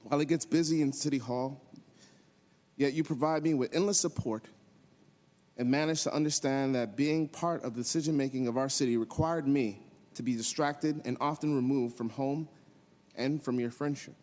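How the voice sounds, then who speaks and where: Male city commissioner, earnest acceptance speech, mid pitch, long reverb of a council chamber. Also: darkish tone. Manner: earnest, halting with fillers and restarts. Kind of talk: acceptance speech at a swearing-in ceremony.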